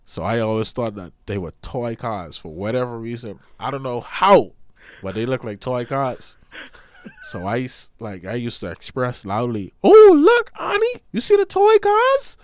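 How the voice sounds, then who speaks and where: A man's voice: medium pitch, normal speed, no echo. A man co-hosting a casual podcast, joking and laughing often as he tells stories and fires off questions. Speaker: podcast co-host. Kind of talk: casual chat.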